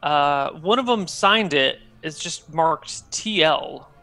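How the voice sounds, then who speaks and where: A man playing a chatty innkeeper in a tabletop game, with a gravelly, bright voice. He rambles along in an easy, helpful way. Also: a little high, expressive, slow, full character voice. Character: chatty male innkeeper proprietor.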